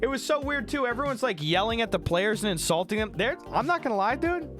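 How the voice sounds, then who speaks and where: A man hosts a livestream, chatting casually with a high voice that swings widely in pitch. He tells stories in an excitable, profane rush. Music plays clearly behind him. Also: quick pace. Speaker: livestream host. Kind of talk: casual chat. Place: home streaming room.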